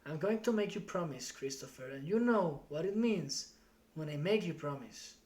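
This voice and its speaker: A man's voice: on the high side, lively intonation, normal speed, darkish tone, echoey room, natural voice. A streamer reading aloud and voicing an angry, exasperated middle-aged father who scolds his son. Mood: stern.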